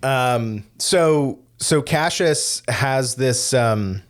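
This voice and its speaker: A man's voice: mid-range voice, extremely slow. A man co-hosting a podcast, talking through a film in a loose, rambling way with many restarts. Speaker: podcast co-host. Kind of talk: casual film discussion.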